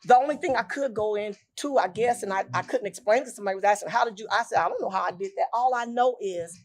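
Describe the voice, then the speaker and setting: A woman's voice: medium pitch, fast. Older woman telling a painful story. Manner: emotional storytelling, acting out quoted speech, repeats phrases. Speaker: talk show co-host. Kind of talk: personal testimony on a talk show.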